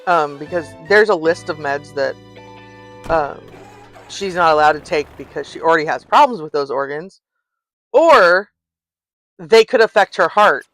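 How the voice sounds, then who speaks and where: A woman's voice: low voice, lively intonation, measured pace, pauses often, soft background music. An older woman streaming a life-sim game, chatting casually and telling stories with frequent laughs. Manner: chatty storyteller, laughs often. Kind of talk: casual gameplay chat.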